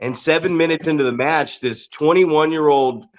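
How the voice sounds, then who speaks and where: A middle-aged man hosts a casual podcast as a veteran wrestler, swapping profane ring stories and putting questions to his guest. His voice sits a little higher than most men's. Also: moderate pace. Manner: profane, storytelling, asks questions.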